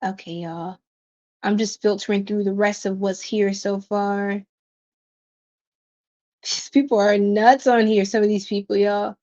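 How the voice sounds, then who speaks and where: A woman's voice: medium pitch, steady tone, moderate pace, long pauses, a little mellow. A woman hosting a tarot livestream, chatting casually and bubbly with her viewers, reading their comments aloud, laughing often and using slangy asides. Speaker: tarot reader livestream host. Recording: dull lo-fi stream audio.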